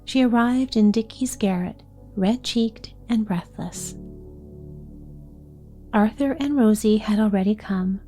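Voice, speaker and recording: Gentle lady reading a bedtime chapter book, mellow warm voice, soft music faint behind. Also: mid-range voice. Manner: calm, gentle and even. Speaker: storyteller.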